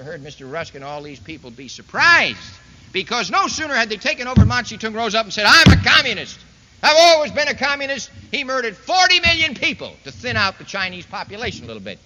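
A man delivers a political speech to a live audience, folksy and sarcastic and packed with rhetorical questions. His high-pitched voice sounds pushed and bright. The lo-fi recording is dull, captured in a reverberant hall.

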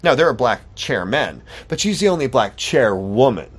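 A man's voice: medium pitch, sing-song, normal speed, slightly rough. A man hosting a solo podcast, talking in a sarcastic, mocking commentary style. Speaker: podcast host.

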